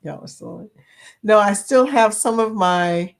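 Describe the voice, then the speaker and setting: A woman's voice: mid-range voice, measured pace, vocal fry. A woman hosting a live stream, chatting casually with viewers and laughing often as she reads their comments. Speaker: livestream host.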